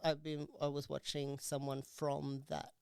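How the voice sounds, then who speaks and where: A man's voice: a little high, completely flat delivery, unhurried, creaky, darkish tone, clear, resonant tone, no room sound, clean studio sound. A man co-hosting a podcast, chatting in an easygoing way, laughing readily and sometimes trailing off mid-thought. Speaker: podcast co-host. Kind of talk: casual podcast chat.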